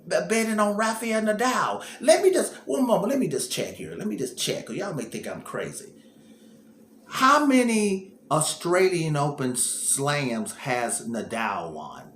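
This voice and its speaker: A man's voice: high-pitched, fairly bright tone, reverberant, slight background noise. A man hosting casual tennis commentary, thinking aloud and repeating himself as he goes.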